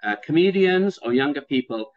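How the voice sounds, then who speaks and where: A middle-aged man from the north of England with a softened northern English accent, patiently explaining pronunciation in a conversation practice chat. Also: fairly high pitch, lively intonation, moderate pace, highs cut off. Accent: northern English softened toward standard British. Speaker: guest native speaker.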